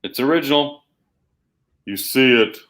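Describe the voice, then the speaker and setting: A man co-hosting a live shopping show, pitching comic books with hyped, emphatic salesman patter. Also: measured pace, a bit bright. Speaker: co-host selling comics.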